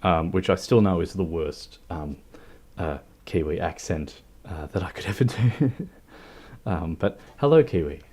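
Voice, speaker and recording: A man chatting casually with his livestream viewers while playing a game, talking in a rambling, halting way. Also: deep voice, lively intonation, darkish tone, slightly rough. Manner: rambling, halting, talks to chat.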